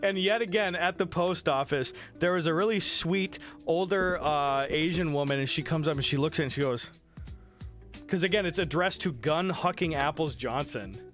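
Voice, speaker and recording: A man's voice: a little high, normal speed, a bit bright, faint music behind. A man chatting casually on a live stream while sick, reading chat, thanking viewers by name and swearing freely.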